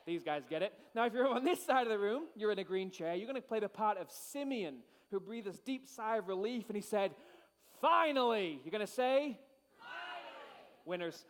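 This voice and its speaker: Pastor, male, high-pitched, playful crowd-rouser; reverberant church hall. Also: expressive, fairly quick, few pauses. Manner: playful, hyped crowd-rousing with shouted cues. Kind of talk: energetic sermon to a congregation.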